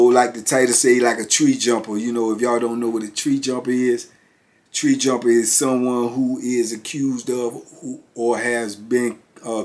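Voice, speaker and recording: A man in his fifties, a former prisoner, telling stories in a casual, rambling way full of "you know". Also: mid-range voice. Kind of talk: casual storytelling.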